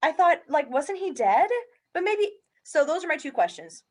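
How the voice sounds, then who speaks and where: A woman's voice: high-pitched, sing-song, normal speed, a little mellow. A woman in a book club on a video call, asking questions hesitantly and searching for her words. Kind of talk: casual video call discussion.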